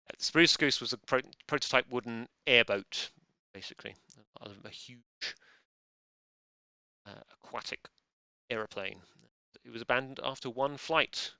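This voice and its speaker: A man's voice: medium pitch, moderate pace, creaky, pauses often, bright, forceful tone, clean tone, no echo. A man hosting a live online quiz, joking drily and rambling. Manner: dry, rambling, self-deprecating jokes. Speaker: quiz host.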